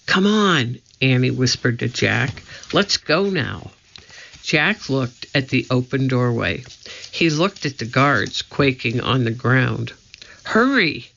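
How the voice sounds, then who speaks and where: Slow, gravelly storybook narrator. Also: mid-range voice, a bit bright. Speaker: audiobook reader. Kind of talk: children's book narration. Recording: muffled lo-fi recording.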